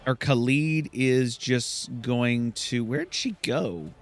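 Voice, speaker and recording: A young man hosting a let's play, casually thinking aloud and reacting excitably. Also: medium pitch, slow, soft background music. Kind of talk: gameplay commentary.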